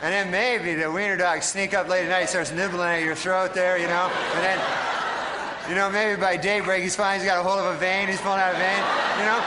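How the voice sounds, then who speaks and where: A man from Canada, a stand-up comedian telling rambling deadpan bits full of "you know" and then chatting as a guest. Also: sits high, a little fast, over a noisy crowd. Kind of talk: stand-up monologue, then interview chat. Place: TV studio with live audience. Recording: TV studio audience laughter and noise.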